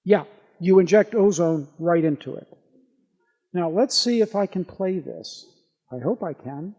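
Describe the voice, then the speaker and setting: A man, a doctor, giving a live talk to an audience and telling patient stories in an animated, anecdotal way. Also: high voice, unhurried, long reverb tail.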